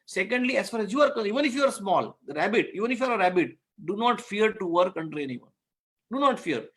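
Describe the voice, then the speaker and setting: A man's voice: high-pitched, big pitch swings, quick pace, fairly bright tone. A man giving an online masterclass, earnest and repetitive, telling a fable to make his business points. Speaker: guest speaker on business law.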